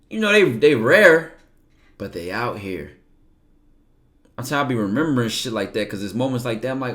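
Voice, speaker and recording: A man's voice: mid-range voice, animated, moderate pace, long pauses, a bit bright. Rambling, profane young man streaming. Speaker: livestreamer. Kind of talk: casual livestream talk; reading aloud from a book.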